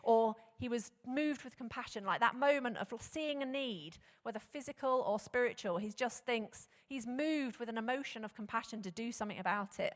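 Animated woman preaching in a reverberant hall. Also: on the high side, moderate pace, hardly any pauses. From England. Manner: animated, laughs often, rhetorical questions. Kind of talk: sermon. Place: church hall.

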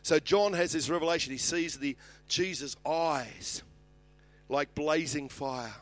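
A man's voice: a little high, unhurried, soft background music. A middle-aged Australian man preaching a sermon as a pastor, passionate and building in volume when he reads scripture.

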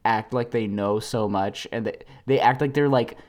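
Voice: medium pitch, moderate pace, darkish tone. Rambling, laughing solo podcaster. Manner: rambling, lots of fillers, frequent laughter. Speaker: podcast host.

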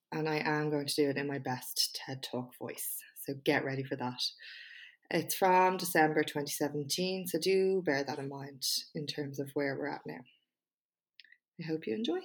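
A woman hosting her own podcast, chatting frankly and with self-deprecating humour before reading a speech of hers aloud in an emphatic style. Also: sits low. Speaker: podcast host and small business owner.

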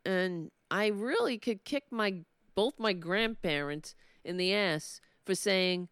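A woman's voice: medium pitch, slow pace, a bit bright, smooth, no echo, clean studio sound. A woman hosting a political commentary show with a New York accent, talking in a sardonic monologue that builds into impassioned ranting.

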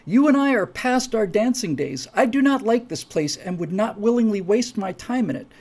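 A man reading the part of a weary brother who pleads with his sibling, declaiming slow verse. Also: high voice, big pitch swings, vocal fry, voice pushed up, heavily acted. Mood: weary, pleading.

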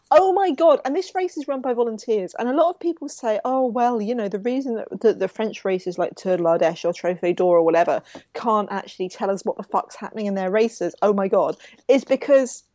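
A woman's voice: medium pitch, warm tone, dry recording. A woman with an English accent co-hosting a casual chat, laughing often and stumbling over her words. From England. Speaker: podcast co-host.

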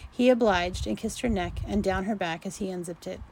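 A woman narrating a romance story in an unhurried amateur reading, going back to redo fumbled sentences. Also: medium pitch, gravelly, a little mellow, a little hiss or hum, low-quality recording.

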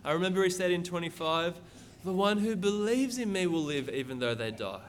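A man's voice: sits high, lively intonation, a little fast. A man preaching a sermon, reading scripture aloud and explaining it in an earnest, emphatic way. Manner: earnest, emphatic, repeats words when stressing.

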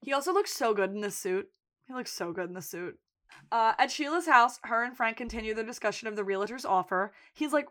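A woman's voice: fairly high pitch, a little fast. A woman co-hosting a podcast, recapping a TV episode in casual chat and acting out the characters' lines. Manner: animated retelling with acted-out quotes. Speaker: podcast co-host.

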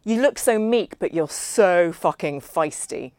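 A woman reading the part of a brash, drunk man who talks loudly and bluntly at a dinner party. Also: on the low side, animated, a little slow, clean tone, dry recording. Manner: loud, blunt, dismissive. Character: brash, drunken, swearing male host at dinner.

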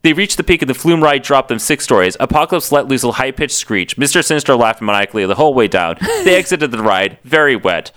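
Lively, bright-voiced man reading aloud. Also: medium pitch, quick pace, hardly any pauses, smooth. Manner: laughing through the reading. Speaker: podcast co-host. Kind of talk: comedic dramatic reading of fan fiction.

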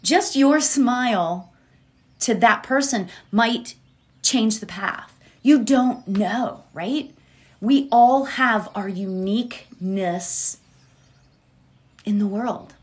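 A woman giving a slow, gentle inspirational talk that moves into a guided meditation. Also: a little high. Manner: slow, gentle, drawn-out phrasing with soft laughs. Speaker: spiritual speaker leading a meditation.

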